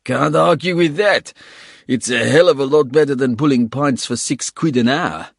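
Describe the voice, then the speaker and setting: A man's voice: mid-range voice, normal speed, creaky, no room sound, studio quality, pitched above the performer's own voice. A man voicing a scruffy, wiry South African mercenary, cocky, crude and needling.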